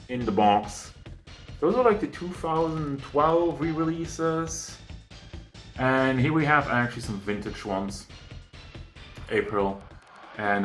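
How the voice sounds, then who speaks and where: In a casual collection tour, a man walks through his home's figure shelves indoors, rambling, self-mocking, and short of breath as his handheld camera moves around. His voice is medium-pitched with a fairly bright tone.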